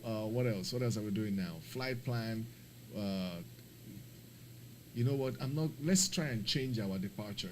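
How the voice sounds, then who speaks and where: With a little hiss or hum on the recording, a lowish-voiced man offers casual live-stream commentary on a flight simulator. He talks himself through the setup in an apologetic, rambling way, growing animated and emphatic when ranting and laughing often.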